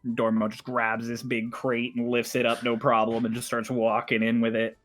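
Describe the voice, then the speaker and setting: A man narrating as game master of a tabletop game, in an animated style full of laughter. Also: mid-range voice, moderate pace.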